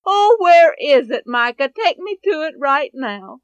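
A woman voicing a frantic, greedy mother who shouts and talks fast. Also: sits high, dry recording, highs cut off, pitched above the performer's own voice. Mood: overjoyed. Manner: shouting, excitable, fast-talking.

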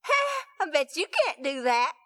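A high, lively little girl's voice in a storybook tale, put on by a woman narrator. Bright and childish, she teases in one breath and pleads in the next, with a dry close sound. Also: measured pace, no echo, heavily acted. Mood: taunting. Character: remorseful scheming little girl.

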